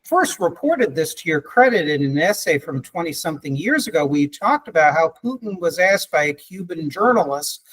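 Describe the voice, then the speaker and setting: A man's voice: on the high side, big pitch swings, normal speed, few pauses, a bit bright, slightly rough, rough recording. A man hosting a podcast, pressing his points emphatically and cutting in with challenges. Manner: pushy, emphatic, cuts in with challenges. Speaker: podcast host. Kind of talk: debate-style conversation.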